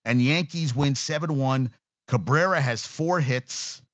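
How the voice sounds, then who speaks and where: A man's voice: medium pitch, unhurried, fairly bright tone, no room sound. A man hosting a casual sports talk show, ranting bluntly and profanely with an exasperated edge.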